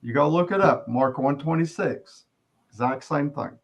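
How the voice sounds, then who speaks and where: A middle-aged man giving an earnest personal testimony as an interview guest, often halting and restarting his sentences. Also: on the high side, highs cut off.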